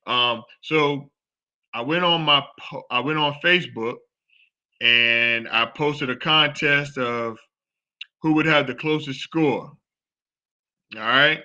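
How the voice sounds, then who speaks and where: Man hosting live sports talk, very bright voice, rambling and excited, dull lo-fi sound. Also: medium pitch, slow pace, pauses often. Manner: excited, rambling, repeats himself. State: out of breath. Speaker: show host.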